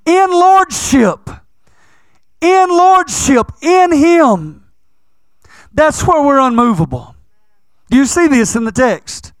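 A man preaching a sermon to his church, emphatic and repetitive, swinging between loud declarations and hushed phrases. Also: extremely high pitch, no room sound.

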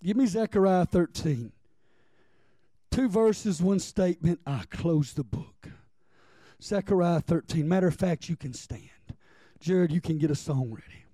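A man's voice: fairly high pitch, measured pace, mellow, no room sound. A man preaching a sermon with passion, in plain folksy speech, calling out to listeners by name. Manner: impassioned, talks straight to listeners by name.

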